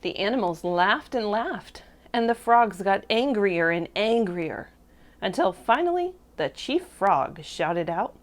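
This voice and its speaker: Lady preschool teacher reading a picture book, super expressive, voice bouncing all over. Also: mid-range voice, takes it slowly. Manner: expressive, lively voices for animals. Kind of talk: children's storybook read-aloud.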